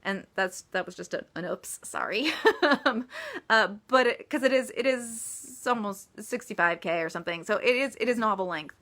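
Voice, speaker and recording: In a live-stream Q&A, a woman author from America talks at normal speed with a medium-pitched voice that sounds pushed and bright. Her manner is chatty and giggly, with frequent laughter and jokes at her own expense.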